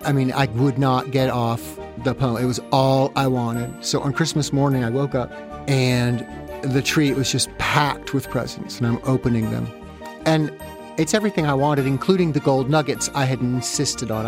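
A man telling a comic story about his childhood in a sardonic, exaggerating, deadpan way, close to the mic. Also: medium pitch.

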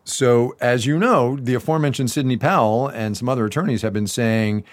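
A man's voice: medium pitch, expressive, a little fast, hardly any pauses, no echo, clean studio sound. A man co-hosting a casual news chat show, wry and sarcastic, often repeating himself for effect. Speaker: co-host.

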